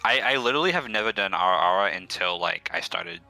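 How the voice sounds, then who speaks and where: A man with a very low but bright and crisp voice chats on stream over faint game music. His pitch swings widely, and he often restarts and repeats words as he rambles. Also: lively intonation, brisk. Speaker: guest streamer. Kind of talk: casual stream chat.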